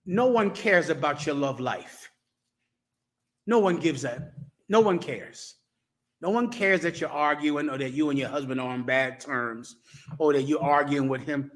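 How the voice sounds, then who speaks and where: A man's voice: fairly high pitch, unhurried. A male preacher giving a stern, scolding sermon full of blunt, crude threats.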